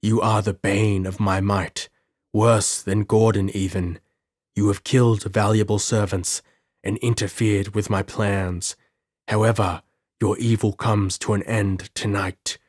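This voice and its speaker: A man's voice: on the low side, level tone, measured pace, darkish tone, no room sound, clean studio sound. A man voicing a cold sinister mastermind. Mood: cold, clinical. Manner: murmuring, detached, coldly clinical. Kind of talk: audiobook character voice.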